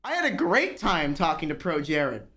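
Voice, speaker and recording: A man's voice: on the high side, sing-song, moderate pace, pushed and bright. Profane, ranting young male streamer. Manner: profane, ranting and self-mocking. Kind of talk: casual stream chat.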